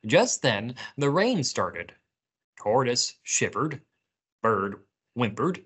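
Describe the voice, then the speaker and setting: A woman reading picture books aloud and singing to young children at library story time, inviting them to join in. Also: very deep voice. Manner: slow, animated storytelling, inviting kids to join in.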